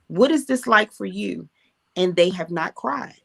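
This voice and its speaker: A woman's voice: medium pitch, takes it slowly, vocal fry, pushed and bright. A woman guest talking earnestly in a casual conversation, speaking from her own experience. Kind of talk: casual chat.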